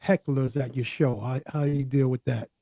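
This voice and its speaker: Mellow matter-of-fact man. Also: medium pitch, fairly even intonation, moderate pace, dry recording. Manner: matter-of-fact, explaining plainly. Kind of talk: casual podcast chat.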